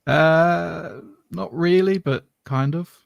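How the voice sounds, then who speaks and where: A man's voice: fairly high pitch, slow, gravelly, dry recording, muffled recording. A man from southern England with a mixed English regional accent, talking in a rambling, self-correcting way as a podcast co-host. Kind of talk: casual chat.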